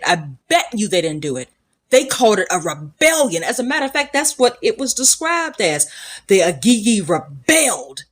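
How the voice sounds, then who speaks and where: A woman hosting a spiritual podcast, speaking in a scornful, preachy monologue with emphatic repetition and a Black lilt. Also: medium pitch. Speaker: podcast host.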